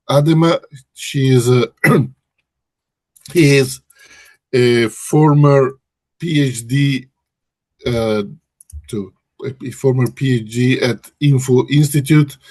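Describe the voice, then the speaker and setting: A male webinar host, a research director based in a Brussels office, has a mid-range, slightly mellow voice. He presents hesitantly, with many restarts and self-corrections, and there's no room sound.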